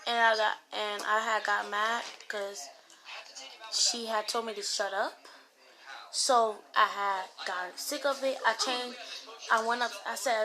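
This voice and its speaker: High-voiced woman rambling through a story. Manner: rambling retelling with raised voice when quoting others. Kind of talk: casual storytime about an online game.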